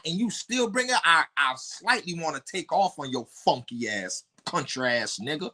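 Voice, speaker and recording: A man, a podcast guest telling a story bluntly and profanely, his voice jumping high in outbursts. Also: animated, moderate pace, bright, forceful tone.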